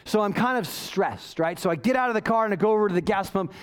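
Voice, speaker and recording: A pastor telling a self-mocking story in a sermon, animated and often asking "right?". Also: male voice, high voice, fast, clear, resonant tone. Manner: self-mocking, waves arms while talking.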